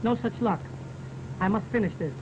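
A vaudeville comedian telling jokes in a stage monologue, with hesitant asides between the punchlines. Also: male voice, sits high, moderate pace, noisy background. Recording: muffled 1920s sound-film recording with music.

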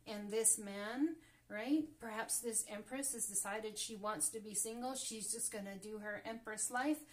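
A woman reading tarot cards for her viewers, often gasping and exclaiming as cards turn up. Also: on the high side. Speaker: tarot reader. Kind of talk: casual tarot reading to camera.

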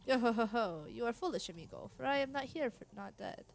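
A woman's voice: on the high side, lively intonation, a little fast, vocal fry, slight background noise. A woman voicing a ghostly old male pirate king in a theatrical, boastful way, with a put-on Spanish accent.

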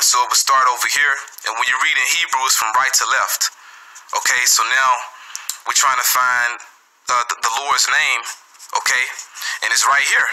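Male Bible teacher, very bright tone, radio-like sound, loose halting delivery. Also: mid-range voice, low-quality recording. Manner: halting, repeats words, says "man" and "okay" often. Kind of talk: casual scripture lesson on video.

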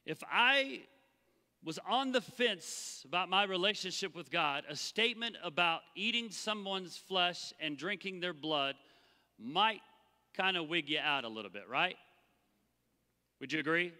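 Pastor, male, high and very bright voice, animated sermon, church hall reverb. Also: unhurried. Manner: animated, acts out the Bible voices. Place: church sanctuary.

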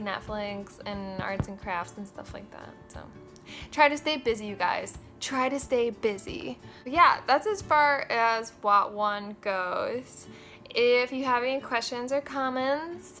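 A woman's voice: a little high, a bit bright. A young woman in her twenties chatting casually to camera in a vlog, full of fillers and offhand swearing. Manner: chatty, with many fillers and quoted asides. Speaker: vlogger. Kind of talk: casual chat.

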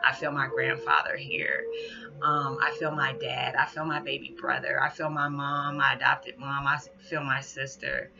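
A man talking in a casual spiritual vlog, halting and full of "you know", near tears at times. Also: medium pitch, creaky, background noise. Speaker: spiritual vlogger. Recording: dull lo-fi audio with music behind. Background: background music.

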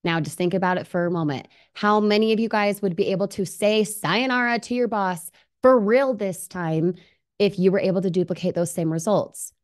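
A woman presents a live online webinar, upbeat and persuasive, often asking viewers questions and reading their comments aloud. Her voice is medium-pitched, and she talks a little fast with few pauses.

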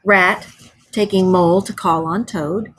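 A woman's voice: on the low side, fairly even intonation, unhurried, a bit bright, husky. A woman teacher reads a story aloud expressively, then explains it and asks the children questions. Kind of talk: reading a story aloud to a class.

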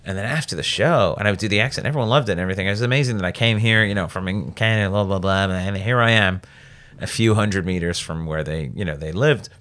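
A male comedian guest on a podcast, telling profane, animated stories and slipping into put-on English accents. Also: sits low, quick pace. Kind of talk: casual podcast chat, storytelling. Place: recording studio.

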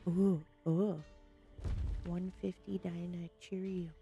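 A woman hosting a solo gaming video, chatting casually through her play with panicky, excitable outbursts. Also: lowish voice, slow pace, highs cut off, faint music behind. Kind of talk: casual gameplay commentary.

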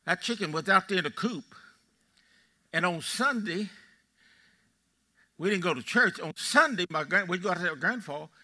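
Folksy old Texan pastor, bright voice. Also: male voice, sits high, animated, normal speed, pauses often. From Texas. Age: 80s. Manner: folksy storytelling, quizzing the congregation. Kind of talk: sermon. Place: church sanctuary.

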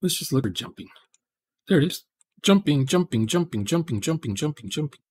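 A man's voice: fairly high pitch, animated, fairly quick, a little mellow, slightly rough, dry recording. Man rambling while live coding. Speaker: programming livestream host. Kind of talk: casual rambling livestream chat.

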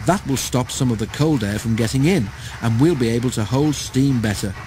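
A man voicing a calm, capable male engine driver giving firm instructions in a storybook reading. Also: medium pitch, normal speed, slight background noise, close to an everyday voice.

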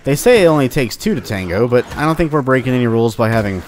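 A man's voice: medium pitch, expressive, quick pace, a little hiss or hum. A man playing through a game with casual commentary, teasing and taunting the enemies in a playful, joking way. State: sore upper back. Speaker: let's-play host.

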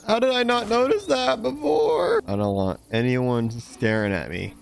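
A man commentating a horror game, jumpy, yelping and shouting when startled. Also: high voice, expressive, measured pace, gravelly, hardly any pauses, soft background music. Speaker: gaming YouTuber.

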